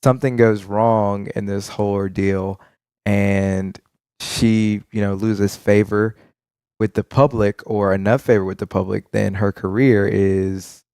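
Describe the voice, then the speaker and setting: A man joining a podcast conversation, explaining his point deliberately with some hesitation. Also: on the low side, level tone, darkish tone, clean tone, no echo, clean studio sound.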